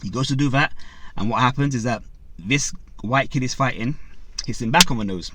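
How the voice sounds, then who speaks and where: A man hosting a boxing channel, telling a story in a loose, conversational way. He stops often on fillers like "um", slips into quick voices for the people in the story and speaks straight to his audience. His voice sits in a middle range and sounds dry and close, with little room around it. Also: mid-range voice, fairly bright tone, no echo. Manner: retells a story with many fillers, acts out quotes, addresses viewers. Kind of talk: casual storytelling reaction.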